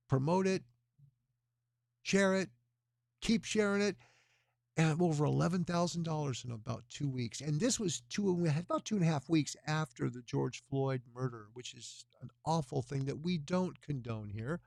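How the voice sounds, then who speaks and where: A man's voice: fairly high pitch, gravelly, darkish tone, no echo, clean studio sound. A man hosting a charity livestream, talking in a rambling, earnest way as he urges viewers to donate. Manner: rambling, earnest, talks with his hands. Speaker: fundraiser livestream host. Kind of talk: casual livestream appeal.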